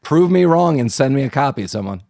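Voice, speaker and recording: A man's voice: medium pitch, expressive, normal speed, gravelly, a little mellow, no echo, clean studio sound. A man co-hosting a casual podcast chat, joking around and laughing often. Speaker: podcast co-host.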